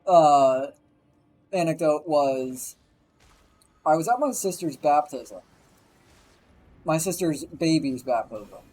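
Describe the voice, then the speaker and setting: Young man, live streamer, husky voice, rambling swear-heavy gossip while gaming. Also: on the high side, expressive, slow pace, long pauses, darkish tone, rough recording. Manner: rambling, profane storytelling.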